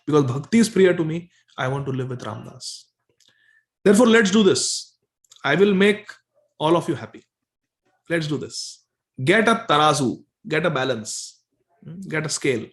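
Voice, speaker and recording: A man's voice: fairly high pitch, lively intonation, normal speed, pauses often. A man voicing a playful male deity who teases and coaxes in a devotional story. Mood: coaxing. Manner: coaxing, teasing. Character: Lord Dwarkadish, a playful, bargaining male deity.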